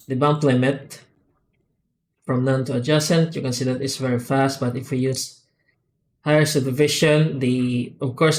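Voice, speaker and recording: Man hesitantly explaining software tool updates. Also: medium pitch. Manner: halting, unscripted, with frequent "uh" and "um" pauses and restarts; methodical, explanatory walkthrough. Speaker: software tool developer demonstrating add-ons. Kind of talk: screen-recorded software tutorial.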